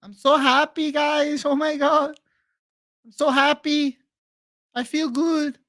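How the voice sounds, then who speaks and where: A man doing an impression of an excited female fighter who gushes in broken English. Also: very high-pitched, slow, voice pushed up, heavily acted. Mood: gushing.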